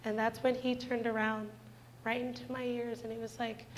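Woman, 20s, church testimony, slightly high and even voice, sincere and direct with the congregation. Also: moderate pace, a little hiss or hum, low-quality recording. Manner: earnest, heartfelt storytelling that addresses the congregation directly. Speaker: church speaker giving a testimony. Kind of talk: personal testimony in a church service.

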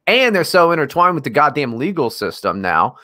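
A man's voice: on the high side, big pitch swings, a little fast, sharp tone. A man co-hosting a casual podcast, joking sarcastically and swearing a lot. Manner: sarcastic, profane, jokey. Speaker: podcast co-host. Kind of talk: casual comedic podcast chat.

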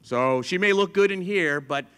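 A middle-aged man gives an animated talk to an audience with a fairly high voice. He tells stories and acts out the lines of the people in them. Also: moderate pace, clean tone. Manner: storytelling, acts out dialogue with others. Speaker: museum chief engineer giving a talk.

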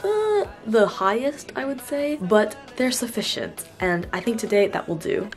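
A woman's voice: a little high, very animated, measured pace. A young woman vlogging casually with friends, chatty and giggly, often saying "like". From living in London as a student. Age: young adult. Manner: chatty, giggly, uses "like" a lot. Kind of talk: casual vlog chat. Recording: music and chatter behind.

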